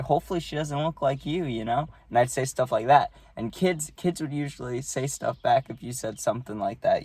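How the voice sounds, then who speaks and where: A man's voice: medium pitch, darkish tone, no echo. A young man casually telling a story to camera, rambling and swearing, with lots of "you know" and "right".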